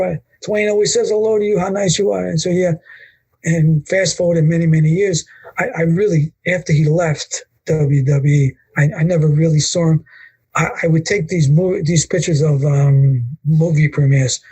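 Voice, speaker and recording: An older man, his voice a touch high and husky. He recounts anecdotes in an interview, acting out what others said with lively energy. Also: low-quality recording. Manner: animated storyteller acting out quotes. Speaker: guest, wrestling photographer. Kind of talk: storytelling interview.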